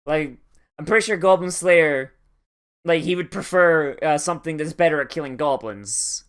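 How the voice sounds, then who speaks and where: A man's voice: on the high side, moderate pace, fairly bright tone, smooth. A young man reacting to an anime episode, talking casually and rambling with a lot of swearing and sarcasm.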